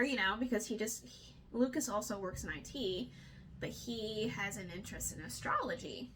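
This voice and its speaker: A young woman co-hosting a casual book discussion, chatty and animated, swearing now and then and acting out what characters say. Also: mid-range voice, a little hiss or hum. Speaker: book club co-host.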